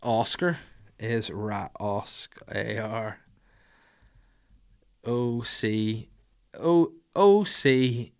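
A man's voice: fairly low pitch, very slow, pauses often, clear, resonant tone. A middle-aged man chatting casually and playfully, laughing often and swearing as he answers viewer comments. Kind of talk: casual live chat.

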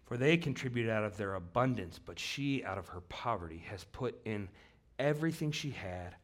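Male pastor, sermon delivery, earnest, low register, emphatic scripture reading, repeats lines for weight. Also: animated, normal speed. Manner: repeats key phrases for weight.

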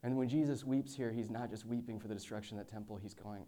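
A pastor with a fairly low voice delivers a sermon, reading scripture aloud before unpacking it in a lively, conversational style full of quick asides.

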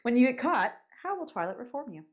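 A woman's voice: a little high, sing-song, fast, lo-fi sound. A woman hosting a podcast interview, asking questions in a teasing, playful manner. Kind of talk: casual chat, asking questions.

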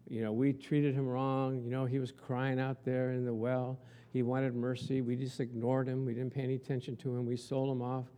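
A preacher voicing guilty, hushed brothers. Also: male voice, medium pitch, level tone, normal speed, in a large hall, pitched below the performer's own voice, close to an everyday voice. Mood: worried. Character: guilty, fearful brothers confessing in a group.

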